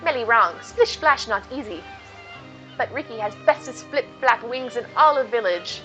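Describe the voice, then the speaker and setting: A woman's voice: a little high, lively intonation, normal speed, sharp tone, faint music behind, low-quality recording. A woman doing a cheerful childlike creature. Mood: eager. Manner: clipped baby-talk, speaks of himself by name. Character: small round childlike male Nopon creature, cheerful, broken speech.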